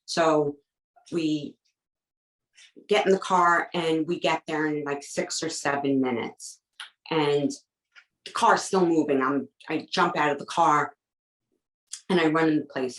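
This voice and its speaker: A woman's voice: low voice, fairly even intonation, measured pace, long pauses, reverberant, poor audio. A woman, a podcast guest, telling a personal story with an urgent, emotional edge and quoting the back-and-forth dialogue. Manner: recounts events with quoted back-and-forth dialogue.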